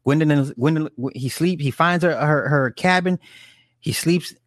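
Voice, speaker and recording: A man's voice: on the high side, moderate pace, no room sound. A man casually retelling a story in a rambling, profane way, with frequent restarts and asides. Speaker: film recapper. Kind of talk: casual chat.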